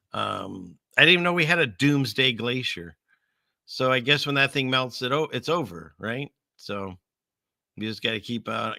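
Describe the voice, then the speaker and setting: A man hosting a show, riffing on the news in a rambling, joking way with sarcastic asides. His voice is very bright and cutting, recorded dry and close with no room sound. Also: mid-range voice, no echo. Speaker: show host. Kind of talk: casual news commentary.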